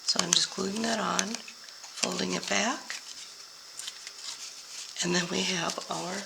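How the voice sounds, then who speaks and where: An older woman with a hoarse voice, slowly explaining each step of a papercraft card tutorial while she works. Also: on the low side, steady tone, heavy background noise. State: hoarse, voice going out. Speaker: papercraft demonstrator.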